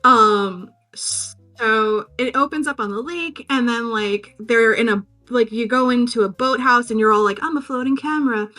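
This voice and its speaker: A woman's voice: on the high side, unhurried, few pauses, sharp tone, soft background music. A young woman co-hosting a podcast, recapping a movie in a rambling, jokey way with lots of "like" and "um". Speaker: podcast co-host. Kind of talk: casual chat.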